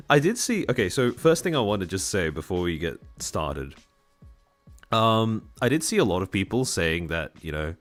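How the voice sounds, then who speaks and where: Deep-voiced man chatting on a livestream. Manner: chatty, wry, laughs often, filler-heavy. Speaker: streamer. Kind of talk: casual livestream chat.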